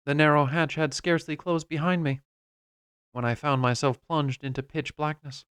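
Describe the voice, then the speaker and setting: A man reading a classic novel aloud as an audiobook, narrating in the first person in a measured, expressive way. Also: fairly high pitch, clean tone, dry recording, clean studio sound.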